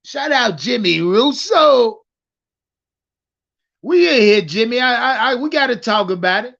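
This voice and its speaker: A man hosting a casual livestream about football, talking in an animated, profane way and repeating words as he starts his thoughts. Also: very high voice, unhurried, creaky, lo-fi sound. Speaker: livestream sports host.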